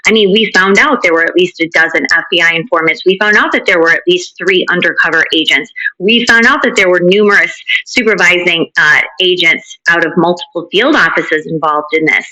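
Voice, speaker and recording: A woman's voice: on the low side, a little fast, bright, forceful tone, low-quality recording. A woman speaking as a guest commentator, laying out her case in firm, detailed commentary. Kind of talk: political commentary.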